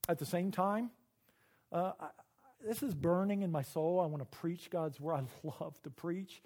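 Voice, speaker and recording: A middle-aged man preaching a sermon, earnest and emotional, often halting and repeating words. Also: a little high, darkish tone. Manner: earnest and personal. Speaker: pastor.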